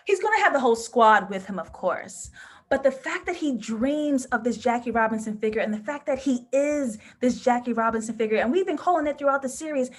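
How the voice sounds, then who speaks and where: A woman's voice: a little high, animated, a little fast. A woman hosting a live TV episode review and reading viewer comments, talking passionately and emotionally. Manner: passionate and emotional, given to sudden laughing outbursts. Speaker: host of a live TV review show.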